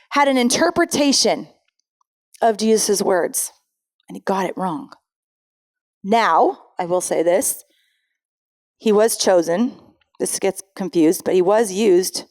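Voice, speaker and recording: A woman's voice: mid-range voice, darkish tone. A woman pastor giving a sermon in a conversational way, reading scripture aloud and often correcting herself mid-sentence.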